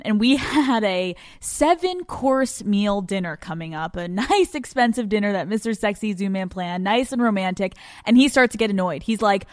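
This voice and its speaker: A young woman hosting a podcast, telling a story in a casual, animated way with lots of swearing and laughter. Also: mid-range voice, no echo, studio quality. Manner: animated, profane, laughing often. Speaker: podcast host.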